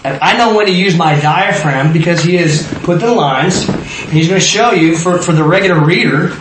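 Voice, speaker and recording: This Bible teacher, a grown man with children, has a higher-pitched, fairly bright voice and speaks at a normal pace. Leading an interactive study, he chats with his small group, asks them questions, and often restarts sentences, all in an echoey room with slight noise.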